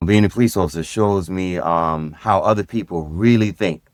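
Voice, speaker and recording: A middle-aged man from Brooklyn, telling stories in a podcast interview. His voice sits fairly low and sounds close and dry. He talks in a relaxed, direct way and livens up when he replays conversations. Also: moderate pace, dry recording. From Brooklyn, New York. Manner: easygoing and direct, animated when recounting dialogue. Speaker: guest, former police sergeant and DJ. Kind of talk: casual storytelling in a podcast interview.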